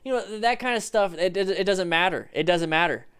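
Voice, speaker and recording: A chatty, excitable man hosts a livestream, talking fast over riding clips. His voice sits a bit high, and faint music plays behind him. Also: clear, resonant tone. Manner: excitable, chatty, swears and greets viewers. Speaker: livestream host reacting to motorcycle videos. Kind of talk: casual livestream commentary.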